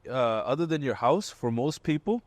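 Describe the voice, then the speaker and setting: A man's voice: medium pitch, lively intonation, moderate pace, dry recording. Podcast guest, male, casual explainer with a middle voice, dry close mic. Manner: explains step by step, frequent "right?" check-ins; laughs easily, jokey with host. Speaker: podcast guest, car expert.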